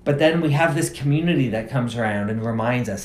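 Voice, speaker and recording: In an echoey room, a male pastor with a mid-range voice preaches a little fast. He talks casually, as if in conversation, and leans on repeated phrases for emphasis.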